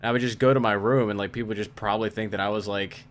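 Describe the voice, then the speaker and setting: A man's voice: fairly low pitch, steady tone. Rambling young man co-hosting a podcast. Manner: rambling, halting, lots of fillers. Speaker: podcast co-host. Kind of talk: casual chat.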